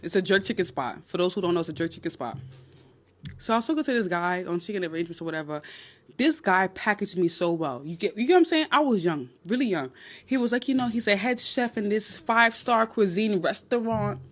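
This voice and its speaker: A young woman in her twenties with a New York accent, hosting a blunt, animated dating-advice livestream on her phone. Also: medium pitch, brisk. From Nigerian, raised in New York. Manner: blunt, animated, crude humor. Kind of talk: casual livestream chat.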